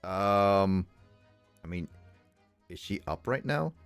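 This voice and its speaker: A man with a deep, clear, resonant voice streams a game slowly and playfully, joking and animatedly voicing the dialogue as casual commentary. The recording is dry, with faint music in the background.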